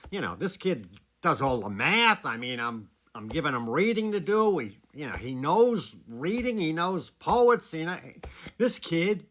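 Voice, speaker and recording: Guy, animated storyteller, bright forceful voice a bit high, chuckles between lines. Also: unhurried. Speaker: former teacher telling a story. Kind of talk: casual spoken storytelling.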